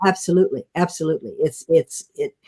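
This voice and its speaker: An older actress telling stories in an interview, gentle and self-deprecating, often restarting and laughing softly. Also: female voice, sits low, fast. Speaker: guest actress. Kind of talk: casual interview storytelling.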